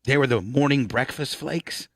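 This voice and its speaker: A man in his fifties hosting a radio talk show, telling a rambling, profane story and clearing his throat often. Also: mid-range voice, moderate pace, no room sound, studio quality.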